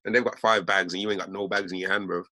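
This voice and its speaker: Fast-talking young man, slang. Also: low voice, level tone, bright, forceful tone, no room sound. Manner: slangy, fast, peppered with innit and bruv. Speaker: host. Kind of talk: rambling storytelling monologue.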